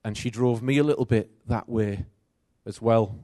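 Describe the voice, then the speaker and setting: A middle-aged man preaching a sermon, telling a personal story with animated swings between loud and soft. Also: mid-range voice, normal speed, no room sound, clean studio sound.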